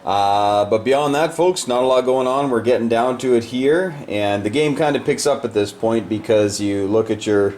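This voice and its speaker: A man's voice: mid-range voice, moderate pace, few pauses, darkish tone, a little hiss or hum. A man casually walking through the state of a board game, explaining moves in a loose, rambling way with many fillers.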